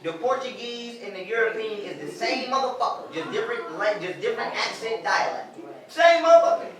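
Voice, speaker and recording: High-voiced man lecturing bluntly, echoey and distant. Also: fairly quick, sharp tone. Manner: blunt, profane, emphatic, laughs at his own jokes. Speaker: street lecturer addressing a small group. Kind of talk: informal lecture to listeners. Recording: echoey space, mic far away, crowd audible.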